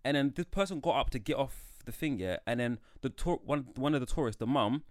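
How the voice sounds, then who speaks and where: A young man, co-hosting a podcast and telling animated stories in casual chat. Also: mid-range voice, a little fast, no room sound, studio quality. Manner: animated storyteller, acts out quoted voices. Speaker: podcast co-host.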